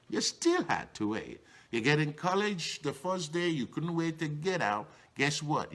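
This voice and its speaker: A middle-aged man preaching a sermon in a conversational way, repeating phrases and filling pauses with "you know". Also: a bit bright. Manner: rhetorical refrains, swinging pitch up and down. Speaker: bishop preaching.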